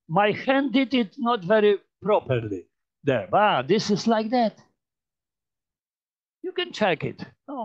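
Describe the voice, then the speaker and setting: A man with a Polish accent, a native Polish speaker, giving an informal mathematics lecture while demonstrating on a computer, halting with many fillers, restarts and repeated phrases. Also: fairly high pitch. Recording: dull lo-fi sound.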